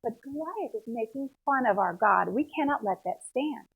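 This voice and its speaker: A brave young shepherd speaks with earnest, devout conviction, as a woman puts him on. Her voice is husky and fairly high. The sound is thin, like it is coming over a phone. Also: expressive, normal speed, phone-quality sound, heavily acted. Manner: earnest, indignant.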